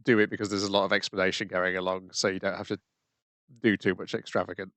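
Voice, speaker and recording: A man's voice: sits low, little pitch movement, quick pace, a bit bright, dry recording. A man on a podcast, speaking hesitantly and searching for words in casual chat. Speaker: podcast co-host.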